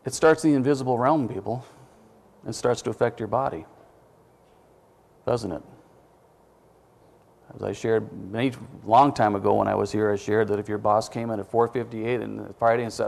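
Male preacher, gravelly, conversational sermon delivery that quizzes the congregation with questions. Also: fairly low pitch, steady tone, moderate pace, pauses often, darkish tone. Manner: self-deprecating asides.

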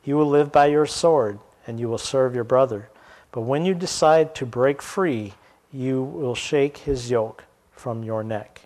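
A man reading aloud, voicing an old blind father who pronounces a blessing in a solemn, measured way. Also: medium pitch, a little mellow, lightly acted. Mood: grave.

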